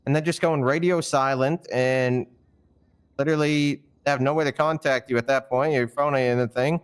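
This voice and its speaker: A man with a somewhat high-pitched voice vents during a roleplay session. His telling is rambling and full of stammered restarts and casual swearing. He sounds indignant and worked up throughout. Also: normal speed, smooth. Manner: fired-up and indignant. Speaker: roleplayer explaining a firing. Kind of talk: heated storytelling in a roleplay stream.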